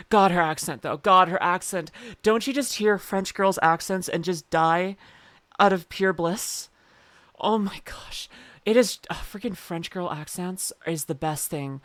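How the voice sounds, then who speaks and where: A woman's voice: on the low side, unhurried, no echo. Gushing woman reacting to a video. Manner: gushing, excitable, rambling. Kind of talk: reaction commentary.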